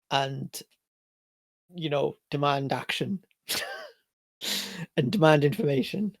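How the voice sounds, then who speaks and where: A man playing a tabletop game, explaining plans with halting starts and restarts. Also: a little high, very animated, no room sound. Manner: halting, restarts, 'you know'. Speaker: player. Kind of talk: casual tabletop play.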